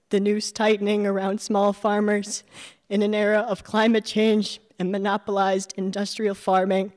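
Slow, reflective woman reading her memoir. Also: mid-range voice, a little mellow, long reverb tail. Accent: American Midwestern. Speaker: memoir narrator. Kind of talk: reading a personal essay aloud.

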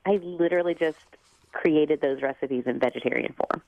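A woman's voice: low-pitched, moderate pace, no room sound, dull audio. A woman with a Southern US accent, chatting upbeat and laughing as a radio interview guest. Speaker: cookbook author and TV cook, radio guest.

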